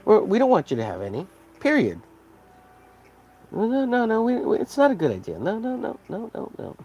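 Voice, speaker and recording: A man's voice: high voice, wildly swooping pitch, normal speed, a little mellow, muffled recording, voice pushed up, full character voice. A man putting on the voice of a smug oil seller who teases buyers with sing-song questions. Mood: taunting.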